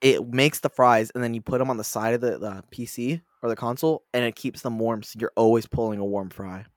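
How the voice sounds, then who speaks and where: A young man co-hosting a casual online chat, quick to argue and excitable. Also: mid-range voice, no echo, clean studio sound. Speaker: podcast co-host. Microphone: online call, separate audio feeds.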